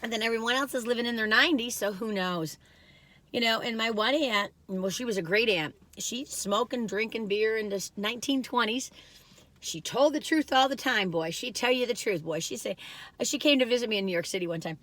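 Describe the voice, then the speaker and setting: A woman's voice: on the high side, a little fast, no room sound. A woman in her sixties, retired, chatting casually and rambling from one story to the next while taste-testing food for her vlog. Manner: lively swings between loud excited bursts and quiet musing. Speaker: food vlogger. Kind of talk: casual taste-test chat.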